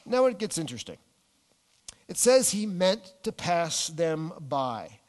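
A man preaching a sermon, animated, dropping his voice low and slowing down on key words. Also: long reverb tail. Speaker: pastor.

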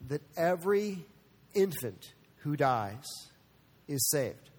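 Pastor, male, high voice, earnest sermon delivery, long hall reverb. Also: fairly quick. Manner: earnest, shifts between soft and animated.

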